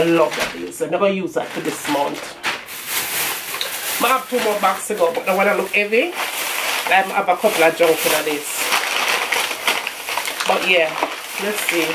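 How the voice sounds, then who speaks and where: A woman talks casually to the camera about her shopping haul. Her voice sits a little low, and she keeps a chatty, friendly rhythm. She often calls her viewers y'all. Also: a bit bright. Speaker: haul vlogger.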